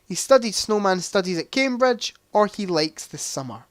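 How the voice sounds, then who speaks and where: A man's voice: sits high, big pitch swings, moderate pace, no room sound, studio quality. A young man hosting a casual livestream quiz, chatty, reading out answer options and adding joking asides. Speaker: livestream host.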